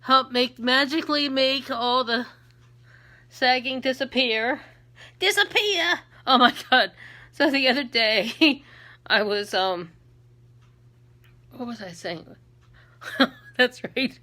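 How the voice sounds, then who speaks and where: A middle-aged woman chatting casually through a makeup tutorial, laughing often and breaking into shrill put-on accents. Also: takes it slowly, long pauses, sharp tone. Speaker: beauty vlogger and makeup seller.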